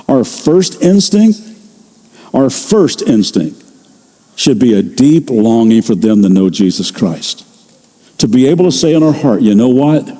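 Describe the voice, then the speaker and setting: A man's voice: mid-range voice, dark tone. Older male pastor preaching in a reverberant hall. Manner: conversational storytelling, slows for emphasis. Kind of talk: sermon.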